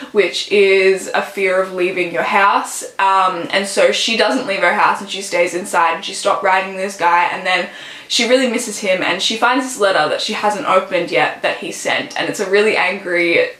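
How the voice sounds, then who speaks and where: A woman's voice: mid-range voice, normal speed, a bit bright, reverberant, low-quality recording. A woman in her late teens, a book vlogger, chatting casually and gushing about books she loves. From Australia. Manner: gushing, chatty, fond of "literally" and "so good".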